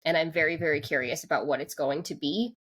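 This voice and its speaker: A woman co-hosting a podcast talks through an anime episode in casual, rambling chat packed with "like" fillers and restarts. Her voice is low and fairly bright, and she speaks fast.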